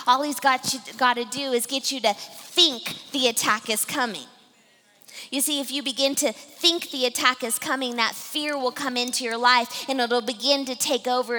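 A woman preaching a sermon to a live congregation, talking fast and addressing the listeners directly. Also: fairly high pitch, bright, forceful tone. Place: church hall with a live congregation. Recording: long hall reverb.

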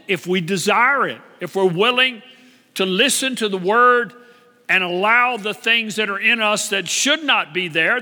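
A man's voice: sits high, bright, forceful tone. A man preaching a sermon as pastor, repeating his key phrases and asking the congregation to answer him. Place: church. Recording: long hall reverb.

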